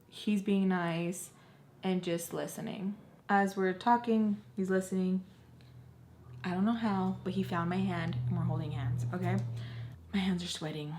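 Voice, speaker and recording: A woman's voice: fairly low pitch, a little mellow, slight background noise. A young adult woman telling a personal story on her vlog, casual and profane, with constant filler words and emphatic asides. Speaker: storytime vlogger.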